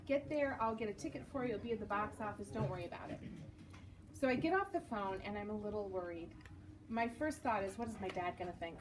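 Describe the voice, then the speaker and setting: A woman in her forties tells a lively personal story to a bookstore audience, slipping into the voices of the people she quotes. Her voice sits fairly high, and she sounds set back from the microphone, with steady room noise behind her. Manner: animated storyteller, acts out quoted lines, laughs at herself. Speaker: author giving a book talk. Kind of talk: storytelling talk to a live audience. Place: bookstore event space. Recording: distant mic with noticeable background noise.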